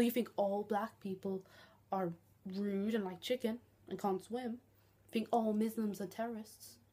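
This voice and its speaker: A woman's voice: mid-range voice, mellow. A young woman, ranting bluntly and sarcastically in a vlog, swearing freely. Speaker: vlogger.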